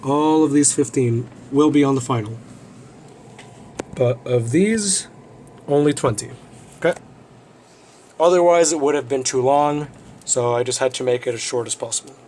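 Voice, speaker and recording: A man's voice: medium pitch, moderate pace, pauses often, dark tone, a little hiss or hum. A male teacher giving a recorded vocabulary review lesson, explaining words plainly and often checking in with students.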